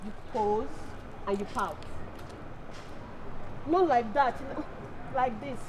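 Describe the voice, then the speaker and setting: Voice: medium pitch, takes it slowly, noisy background, natural voice. A performer with a Nigerian accent playing a cheeky young aide who teases his boss in a stage play skit. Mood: teasing. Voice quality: animated, teasing, then pleading.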